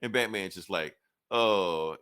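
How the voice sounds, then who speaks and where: A lower-voiced man chats casually about comics, rattling through the story and slipping into quick voices for each character. His talk is loose, full of fillers and asides to his co-host. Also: clean tone. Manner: animated retelling that acts out characters' lines in quick quoted snippets. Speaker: podcast co-host reviewing comics. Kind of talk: casual comic review chat, retelling plot.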